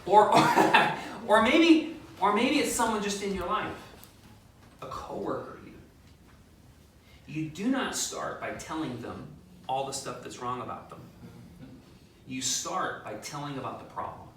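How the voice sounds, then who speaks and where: Bright-voiced preacher in an echoing church. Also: male voice, on the high side, measured pace, long pauses, slight background noise. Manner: animated, acts out quotes, joking asides. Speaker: pastor. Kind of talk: conversational sermon. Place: church sanctuary. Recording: very echoey, distant mic.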